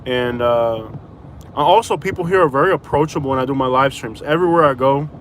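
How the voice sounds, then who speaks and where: A man's voice: mid-range voice, fairly quick, fairly bright tone, a little hiss or hum. A man from Florida chatting casually on a live stream while driving, rambling with lots of fillers. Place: in a car.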